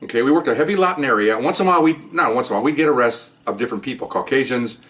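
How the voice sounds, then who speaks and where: A middle-aged man, a former police officer, telling his own stories in an animated monologue with sarcastic asides. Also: medium pitch, racing. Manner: animated, sarcastic asides, mimics people he quotes. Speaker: retired police officer, podcast host. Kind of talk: storytelling monologue.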